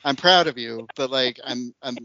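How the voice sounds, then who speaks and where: A man's voice: mid-range voice, moderate pace, pushed and bright, no echo. A man hosting a quiz game on a casual podcast, chatty and sassy, laughing often. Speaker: quiz host. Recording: dull lo-fi audio.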